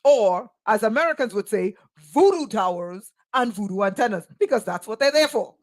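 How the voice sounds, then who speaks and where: A woman's voice: medium pitch, expressive, moderate pace, few pauses. A woman, a spiritual teacher delivering an impassioned monologue full of rhetorical questions and sarcastic asides.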